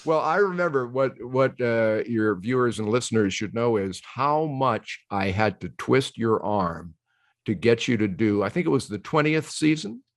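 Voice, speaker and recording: An older man, a guest on a conversation show, telling stories in a lively way, acting out quoted voices and laughing easily. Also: mid-range voice, normal speed, dry recording, studio quality. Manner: animated storyteller who slips into quoted voices. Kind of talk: casual conversation.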